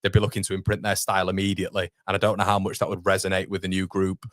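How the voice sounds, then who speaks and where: Chatty young football fan host. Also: male voice, deep voice, monotone, very fast, no room sound, studio quality. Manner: chatty, reads viewer comments aloud. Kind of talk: live football watchalong chat.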